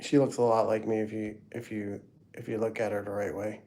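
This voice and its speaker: A man's voice: lowish voice, little pitch movement, brisk, warm tone, slight background noise. A middle-aged man hosting a casual livestream, rambling through family photos and chatting to viewers by name. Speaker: livestream host.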